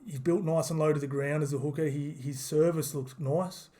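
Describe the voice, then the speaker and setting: A man's voice: fairly high pitch, steady tone, normal speed, warm tone. Chatty man recapping footy. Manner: chatty, rambling, frequent fillers and restarts. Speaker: sports vlogger. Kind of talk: casual sports recap.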